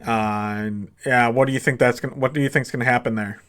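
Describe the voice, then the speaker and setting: A man's voice: mid-range voice, steady tone, fast talker, a bit bright. A man co-hosting a casual sports podcast, laid-back and laughing as he tells stories. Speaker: podcast co-host.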